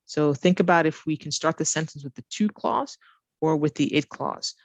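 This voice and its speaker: With no room sound, this ESL teacher speaks in a low voice at a normal pace. She guides a learner through a grammar lesson step by step, patiently posing questions as she goes.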